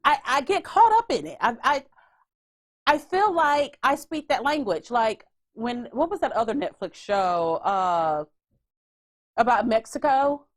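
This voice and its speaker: A woman hosting a podcast in casual chat, animated and swearing freely. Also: fairly high pitch, a little slow. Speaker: podcast host.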